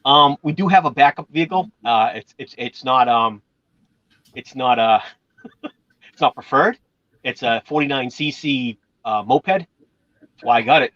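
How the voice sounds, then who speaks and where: A man's voice: medium pitch, animated, a little slow, long pauses, fairly bright tone, no room sound, dull audio. A man from Massachusetts chatting casually, rambling through stories and swearing now and then. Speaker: channel host. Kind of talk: casual chat.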